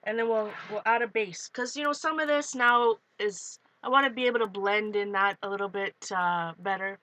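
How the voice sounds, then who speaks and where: Bright-voiced chatty woman streamer. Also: mid-range voice, moderate pace, dry recording, rough recording. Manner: chatty, giggly, talks to chat viewers. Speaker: art livestream host. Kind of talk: casual live-stream chat while painting.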